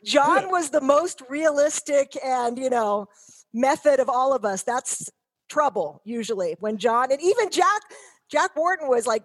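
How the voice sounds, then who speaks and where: A woman's voice: sits high, lively intonation, a little slow. A woman in her fifties, a guest telling rambling, profane, self-mocking stories in casual chat.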